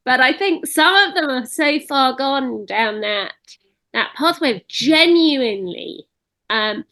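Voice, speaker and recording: A woman campaigner talking as a guest in an interview, emphatic and animated, with occasional laughs. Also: high voice, slow pace. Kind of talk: casual interview chat.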